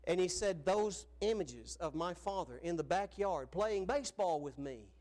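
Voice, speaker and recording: A middle-aged man preaching a sermon, telling stories earnestly and dropping soft on key phrases. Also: high voice, lively intonation, normal speed.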